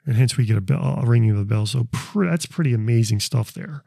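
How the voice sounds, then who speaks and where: A man's voice: mid-range voice, lively intonation, quick pace, creaky, dark tone, no echo, clean studio sound. A man who investigates the paranormal, talking casually through his recordings, rambling and repeating words as he restarts his sentences. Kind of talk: casual explanatory talk.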